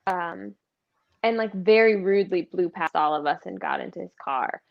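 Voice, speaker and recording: A woman's voice: fairly low pitch, moderate pace, vocal fry. Chatty woman on a dull video call. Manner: chatty, self-mocking storyteller. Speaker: touring musical theatre performer, guest. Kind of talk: casual chat. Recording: dull lo-fi livestream audio.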